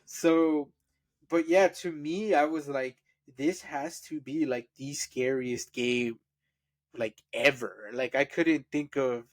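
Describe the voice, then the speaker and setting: A man speaks slowly and easily, with a mid-range voice. He looks back on memories in a reflective, casual way and uses plenty of fillers. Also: mid-range voice. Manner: relaxed, reflective, many fillers. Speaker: podcast co-host. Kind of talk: casual storytelling.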